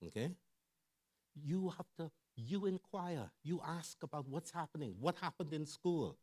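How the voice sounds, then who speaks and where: A middle-aged man giving a lively sermon-style talk on family and parenting, telling stories conversationally and checking in with the audience. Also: on the high side, measured pace, husky. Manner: animated storyteller who acts out quoted voices. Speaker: church speaker on family and mental health.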